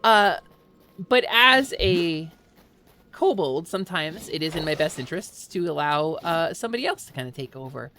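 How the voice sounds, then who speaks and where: Excitable woman streamer with a lively voice. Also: deep voice, normal speed, faint music behind. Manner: excitable, giggly, rambling. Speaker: VTuber streamer. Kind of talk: casual live-stream chat while gaming.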